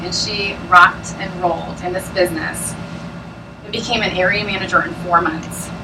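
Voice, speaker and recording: A woman's voice: fairly low pitch, fairly even intonation, moderate pace, distant mic, background noise. A woman presenting at a business opportunity meeting, chatty and bubbly, often laughing as she talks to a live audience. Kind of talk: sales pitch talk to a live audience.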